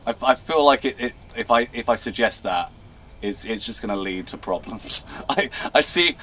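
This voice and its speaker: A man hosts a game livestream in a goofy, playful way. His voice sits fairly low but swings widely up and down. He trips over and repeats his words and breaks into laughter. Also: a bit bright, slight background noise. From England. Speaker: livestream host. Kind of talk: casual gaming livestream chat.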